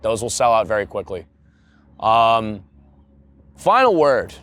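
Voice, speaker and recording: A man's voice: fairly low pitch, very animated, slow. A young man hosting his own podcast alone, chatting casually about tour dates and self-care with crude jokes. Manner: laid-back, crude jokes, bursts into loud mock-announcer parody. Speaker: podcast host. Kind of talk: casual solo podcast chat.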